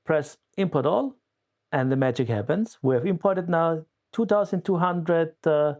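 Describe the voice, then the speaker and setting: A man guest giving a casual, step-by-step walkthrough in a steady way of talking. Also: on the high side, unhurried. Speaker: guest explaining a tool.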